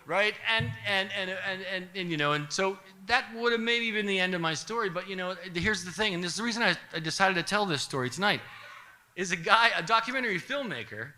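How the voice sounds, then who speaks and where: A man telling a comic story live to an audience, animated and wry, chuckling through his punchlines. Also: high voice, fairly quick, noisy background.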